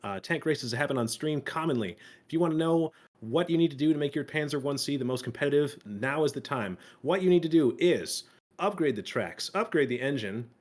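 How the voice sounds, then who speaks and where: A young man co-hosting a live game stream, giving a quick tank review in a mock announcer style with emphatic lists. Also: on the high side, lively intonation, a little mellow.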